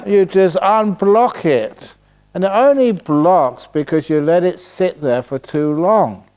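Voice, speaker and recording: Smooth-voiced man giving dharma talk. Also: sits high. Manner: storytelling, playful, slows voice to demonstrate calm. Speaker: Buddhist monk teacher. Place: retreat hall.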